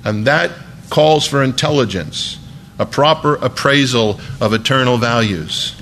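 Man, pastor type, mid-range voice, talks the sermon through like a chat, soft hum behind. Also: mid-range voice, a little slow. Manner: conversational, folksy preaching with emphatic asides.

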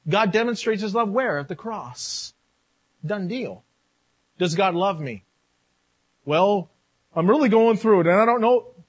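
A man preaching a sermon, animated, swinging between loud and quiet and acting out quoted voices. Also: high voice, a little slow, long pauses, slightly rough. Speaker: pastor.

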